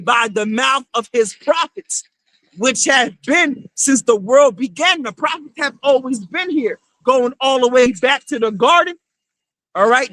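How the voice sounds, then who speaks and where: A male street preacher with a very high voice shouts scripture lines in a fiery sermon, tacking "all right" onto nearly every phrase. There's no echo on the recording.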